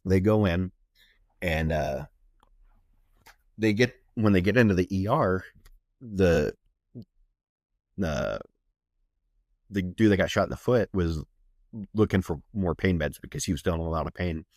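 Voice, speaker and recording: A man's voice: deep voice, expressive, a little slow, pauses often, darkish tone, dry recording, clean studio sound. A man from Ohio, a flight medic, telling blunt, profane, matter-of-fact war stories in a casual podcast interview. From Ohio, USA.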